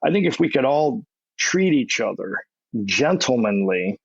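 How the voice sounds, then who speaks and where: A man's voice: medium pitch, big pitch swings, a little slow, vocal fry, slightly rough, dry recording, highs cut off. A middle-aged man, a podcast guest, telling anecdotes in a loose, rambling way, restarting and repeating his words often. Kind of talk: casual interview storytelling.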